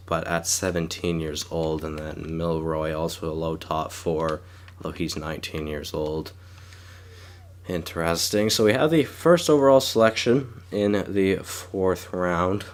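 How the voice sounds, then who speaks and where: Low-voiced sick young man thinking aloud. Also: steady tone, a little slow. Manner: thinking aloud, hesitant, stumbles over names. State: sick, sore throat. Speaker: gaming YouTuber. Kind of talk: casual game commentary.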